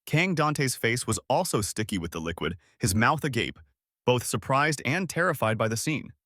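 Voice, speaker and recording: A man narrating a comic recap story in scripted, animated storytelling. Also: medium pitch, moderate pace, no room sound, studio quality.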